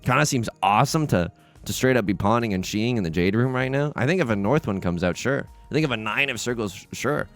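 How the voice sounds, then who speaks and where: A man hosts a let's play, talking through his moves in a casual, animated way. His pitch swings widely as he jokes, restarts sentences and pokes fun at himself. Faint game music plays softly behind him. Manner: animated, joking, quick restarts and self-mocking asides. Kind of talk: casual gameplay commentary.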